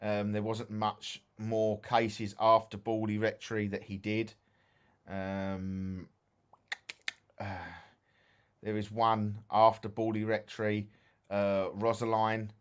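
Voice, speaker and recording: A sleepy Essex man co-hosting a casual ghost-hunting chat. His voice sits a little low, and he trips over words as he reads his notes aloud. He sounds tired between yawns. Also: monotone, slow, clear, resonant tone. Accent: Essex English. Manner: chatty, tired and yawning, stumbles when reading aloud. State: sleepy, yawning. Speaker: podcast co-host.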